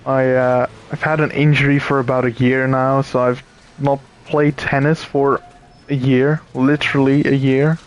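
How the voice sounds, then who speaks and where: A man streaming a puzzle game, thinking aloud with pauses and chatting to viewers, tired and yawning. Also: mid-range voice, flat delivery, highs cut off. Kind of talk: casual let's-play commentary.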